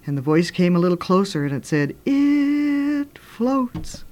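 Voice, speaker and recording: A woman's voice: low-pitched, fast. Older woman telling spooky stories. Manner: animated, dramatic storyteller with sudden loud and hushed turns. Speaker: radio host and children's author. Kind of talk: storytelling on radio.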